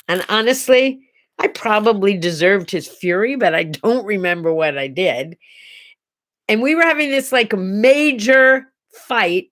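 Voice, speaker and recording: A middle-aged American woman hosting a casual solo talk show, chatting in a rambling way and telling stories with many asides. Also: mid-range voice. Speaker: host.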